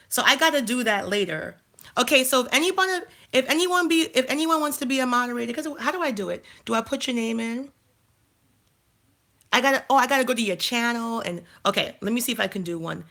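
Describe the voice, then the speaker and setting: A woman's voice: on the high side, lively intonation, quick pace, vocal fry, fairly bright tone. A woman hosting a casual live stream, chatting and thinking aloud while she fumbles through her channel settings. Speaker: life coach and channel host.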